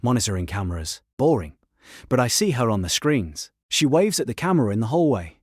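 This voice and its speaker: A man's voice: medium pitch, very animated, brisk, no echo, clean studio sound. A man reading a first-person story aloud in terse, clipped sentences. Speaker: story narrator. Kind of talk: scripted first-person narration.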